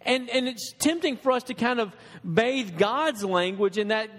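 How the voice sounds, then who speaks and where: A man's voice: extremely high pitch, a little slow, fairly bright tone. Earnest man preaching in a reverberant hall. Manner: earnest, conversational preaching with restarts and asides. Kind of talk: sermon.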